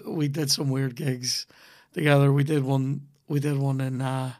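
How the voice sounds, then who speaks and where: A man's voice: mid-range voice, flat delivery, unhurried, darkish tone. A young man with a Northern Irish accent, hosting a podcast and telling rambling, sweary stories with plenty of laughter in a casual chat. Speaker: podcast host and comedian.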